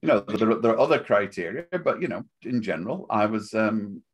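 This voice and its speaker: An older man with a Liverpool accent, chatting as a guest in a relaxed interview, wry and rambling, often laughing at his own jokes. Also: lowish voice, a little fast, slightly rough, muffled recording. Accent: Liverpool (Scouse). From Liverpool, England.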